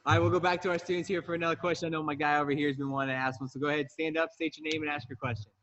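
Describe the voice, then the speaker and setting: A man hosting a student question-and-answer session, leading into questions briskly. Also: a little high, flat delivery, a bit bright. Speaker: interviewer, host. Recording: dull lo-fi sound.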